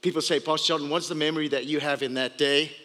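Male pastor, high and bright voice, lively playful storyteller, big hall echo. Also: quick pace. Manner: animated, playful storytelling with laughs. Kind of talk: storytelling sermon. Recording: long hall reverb.

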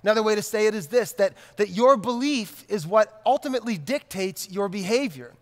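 A male pastor in his thirties preaching with a notably high voice, casual and direct, circling back to repeat his main points. His sermon rings through a large hall with a long reverb tail. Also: lively intonation, brisk. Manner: conversational, repeats key lines for emphasis.

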